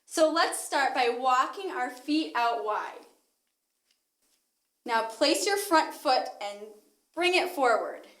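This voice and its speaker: A woman with a high, bright voice guides toddlers through a yoga class. She talks slowly, in a cheerful sing-song. Her voice rings in an echoey room. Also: lively intonation. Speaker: kids yoga instructor.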